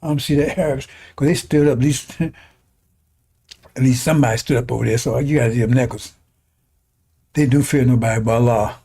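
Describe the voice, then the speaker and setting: A man's voice: mid-range voice, a little fast, long pauses, dark tone, husky. A man preaching a fiery religious broadcast sermon, scornful and mocking, often laughing and repeating his phrases.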